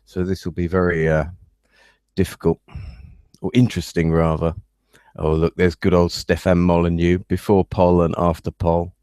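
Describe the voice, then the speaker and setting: English guy with a really low voice, slow and hesitant on a podcast, lots of ums, dry close sound. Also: level tone, dark tone, clear, resonant tone, no echo. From England. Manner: measured and hesitant, with frequent ums. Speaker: podcast host. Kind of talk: casual podcast chat.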